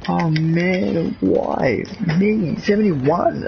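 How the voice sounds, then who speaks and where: A young man, commentating his gameplay and swearing, excitable and repeating himself. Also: mid-range voice, measured pace, vocal fry, highs cut off, background noise. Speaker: gamer.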